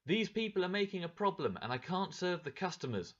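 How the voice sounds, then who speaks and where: A man voicing a calm, sly young woman who talks smooth and falsely friendly in a storybook reading. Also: sits high, a little fast, highs cut off, pitched above the performer's own voice. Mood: sweetly sly.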